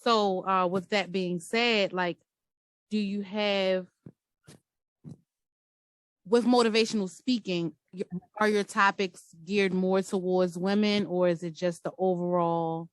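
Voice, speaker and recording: A woman hosting a casual interview, reflective and halting, with repeated starts to her sentences. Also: medium pitch, steady tone, no echo. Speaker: interview host.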